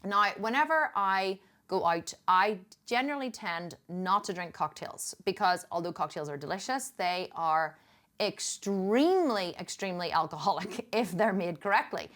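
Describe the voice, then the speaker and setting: A woman's voice: mid-range voice, animated, normal speed, fairly bright tone. A middle-aged woman from Northern Ireland with a Northern Irish accent, telling a story in a chatty, emphatic vlog style. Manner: chatty and emphatic, with frequent restarts and laughs. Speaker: fitness coach.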